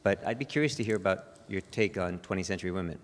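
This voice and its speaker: A man in the audience of a big hall asks the panel a question. He is polite and halting, restarting his phrases again and again. His voice is on the low side and carries a long hall reverb. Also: a little hiss or hum. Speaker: audience member asking a question. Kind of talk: hesitant question from the floor. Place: large auditorium.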